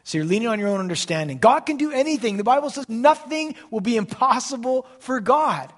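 A man, a pastor, preaching a sermon in church, emphatic, swinging between loud declarations and soft asides. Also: very high voice, animated, brisk.

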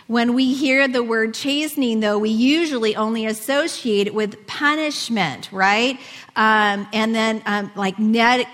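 A woman's voice: medium pitch, fairly bright tone, long reverb tail. A woman giving a conversational sermon, reading scripture and asking her listeners questions. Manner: conversational, asks the audience questions, reads scripture aloud. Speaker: preacher.

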